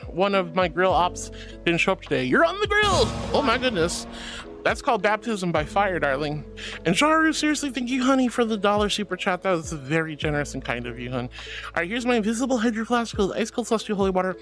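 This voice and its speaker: A man's voice: high-pitched, expressive, fast, a bit bright, soft background music. A man streaming live, casually reading chat and showering viewers with pet names like honey and darling, playful and giggly.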